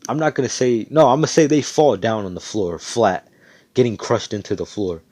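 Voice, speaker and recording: A husky, lowish voice moves fairly quickly as a man tells a fictional fan story on voice chat via a computer mic. He rambles, swears frequently, and gets excited.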